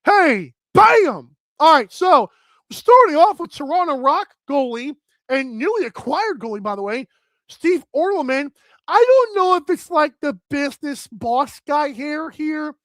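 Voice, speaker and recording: A woman presenting a fashion segment on a talk show in a bubbly, chatty, animated way. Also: high-pitched, unhurried, dry recording, clean studio sound. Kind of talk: casual chat.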